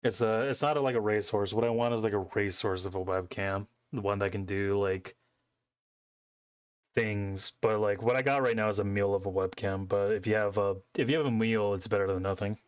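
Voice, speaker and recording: Young man, home streamer, rambling chat on a close headset mic, low voice, dry sound. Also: steady tone, a little fast, smooth, no echo. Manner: rambling, self-correcting, profane. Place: home desk setup. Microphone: headset mic close to face.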